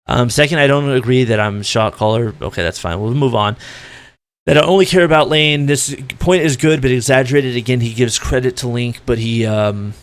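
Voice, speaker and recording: A man with a gritty voice rants through gaming commentary, loud and blunt. He swears freely and pushes his points hard. His pitch sits right in the ordinary middle for a man. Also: normal speed, clear, resonant tone. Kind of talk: ranting commentary.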